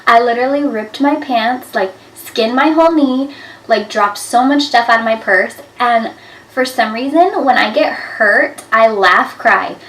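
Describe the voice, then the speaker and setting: A woman in her twenties telling embarrassing stories to camera in a chatty, animated way, with lots of "like" fillers. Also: on the high side, measured pace. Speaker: vlogger. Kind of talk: casual storytelling to camera. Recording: echoey room, a bit far from the mic.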